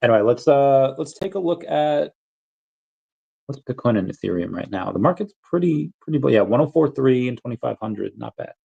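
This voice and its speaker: A man hosting a casual crypto livestream, rambling in a relaxed way with many fillers and bouts of hiccups. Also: mid-range voice, moderate pace, gravelly, husky, narrow, tinny audio. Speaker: crypto channel host.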